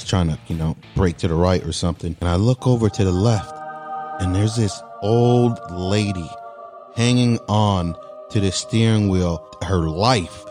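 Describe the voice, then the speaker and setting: Guy doing a comedy story monologue, lowish voice, worked-up ranty delivery, faint music behind. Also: measured pace. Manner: animated, exasperated rants with mock dialogue. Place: bedroom.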